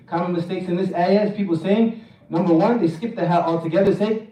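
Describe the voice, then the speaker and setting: A man's voice: sits high, steady tone, fairly quick, warm tone. Man teaching Quran recitation in echoey hall. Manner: drills pronunciation, recites verses in a chanting tone. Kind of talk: classroom tajweed lesson. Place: mosque hall. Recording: echoey hall, mic at a distance.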